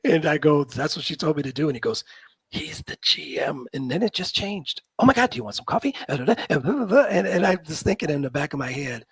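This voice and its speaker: A man's voice: on the high side, lively intonation, moderate pace, vocal fry, breathy edge, dry recording. A man in his fifties from the Midwest of the US, a college football general manager chatting as a guest and telling rambling, self-deprecating stories with many restarts. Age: 50s. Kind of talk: casual interview chat.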